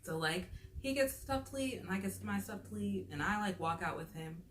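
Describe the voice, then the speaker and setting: A woman's voice: mid-range voice, normal speed. Chatty exasperated woman in an echoey room. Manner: chatty and exasperated, leans on "like" as a filler. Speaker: vlogger. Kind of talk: casual storytime chat. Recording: roomy echo with faint noise.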